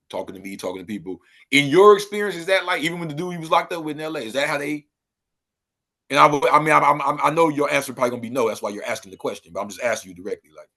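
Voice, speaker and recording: A man from Los Angeles talking loosely as a podcast guest, breaking into animated exclamations. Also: mid-range voice. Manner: loose street talk, animated and exclaiming when riled. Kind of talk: casual interview chat.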